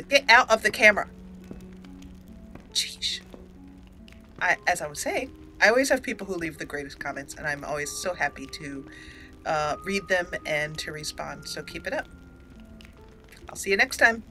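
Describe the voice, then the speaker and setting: A woman's voice: sits low, animated, normal speed, bright, forceful tone, soft background music, poor audio. A woman hosting a let's play, chatting casually over gameplay, giggly and talking back to the characters on screen.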